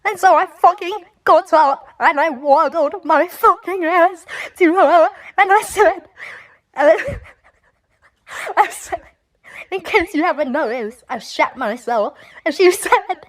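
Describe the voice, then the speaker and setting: A woman's voice: very high voice, lively intonation, slow, a bit bright, dry recording. A woman in her twenties telling a crude, self-mocking storytime through bursts of laughter. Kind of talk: casual storytime monologue.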